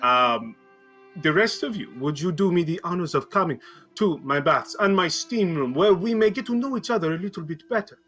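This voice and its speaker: A man's voice: high-pitched, expressive, moderate pace, fairly bright tone, soft background music. A man voicing a boastful, wealthy male merchant prince who speaks in grand, formal phrases.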